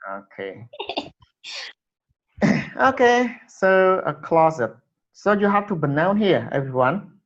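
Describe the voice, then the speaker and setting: Slow-talking man teaching English. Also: high voice, big pitch swings. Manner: halting, repeats words to drill pronunciation. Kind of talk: classroom English lesson. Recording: dull lo-fi recording.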